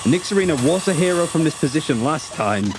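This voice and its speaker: A man with a Yorkshire accent calls a live esports match, his pitch bouncing up and down as he talks. He sits at a mid-range pitch and rattles through the play-by-play in quick, chatty bursts. Faint noise sits under his voice. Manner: quick, animated, chatty with a co-caster. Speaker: esports caster.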